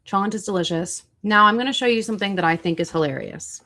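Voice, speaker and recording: Speaking quickly in a medium-pitched, fairly bright voice, this livestream host keeps things casual. She's chatty with her viewers and searches for food online while reacting to what they say.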